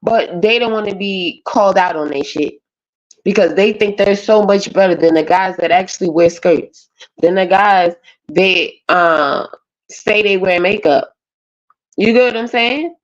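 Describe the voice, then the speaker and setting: A woman's voice: mid-range voice, unhurried. A woman, ranting bluntly and profanely as a panelist on a live stream. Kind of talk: casual rant on a live panel. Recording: dull lo-fi stream audio.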